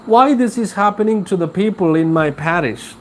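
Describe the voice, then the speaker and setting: Man reading as a worn-out male priest, lamenting, high and loud. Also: animated, normal speed, a little hiss or hum. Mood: distressed lament. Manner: pleading and lamenting, raised voice. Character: weary, exasperated male parish priest.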